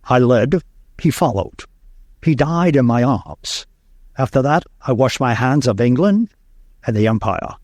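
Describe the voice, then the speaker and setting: A man's voice: mid-range voice, animated, measured pace, darkish tone, dry recording. A man reciting as a grave old sea captain. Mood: solemn.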